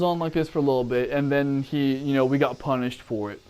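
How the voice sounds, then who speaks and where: A man recounts his army training days in casual storytelling to camera, swearing freely and drifting off on tangents. His mid-range voice is smooth, darkish, and steady, and he talks fairly quickly with hardly any pauses.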